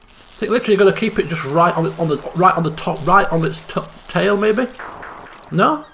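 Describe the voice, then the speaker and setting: A young man giving excitable let's play commentary, chattering and repeating phrases in bursts. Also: high voice, fairly quick, gravelly, a little hiss or hum. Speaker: gaming channel host.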